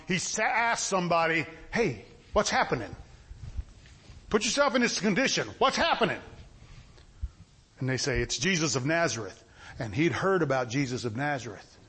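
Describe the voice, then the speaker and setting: Male pastor, folksy sermon, high voice, very lively pitch. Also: breathy edge. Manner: folksy, animated preaching with rhetorical questions.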